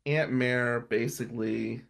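A man's voice: mid-range voice, steady tone, slow, gravelly, fairly bright tone. A man in a mid range voice tells a personal story on his podcast. He talks dramatically and slips into different voices to act out what his relatives said. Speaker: podcast host.

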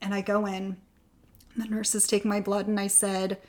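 A woman's voice: medium pitch, little pitch movement, moderate pace, a little mellow. A woman in an interview, candidly telling a long personal story and getting choked up at times. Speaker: guest sharing her fertility story.

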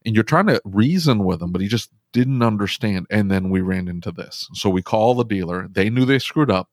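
A man telling a work story in casual podcast conversation, animated, with many restarts. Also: lowish voice, fairly quick, dry recording, studio quality.

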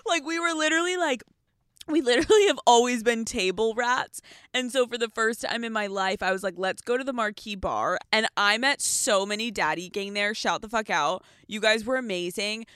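A young woman hosting a casual vlog-style podcast, excitable and profane, laughing often as she talks. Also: mid-range voice, clean tone, dry recording, studio quality. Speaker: podcast host. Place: hotel room.

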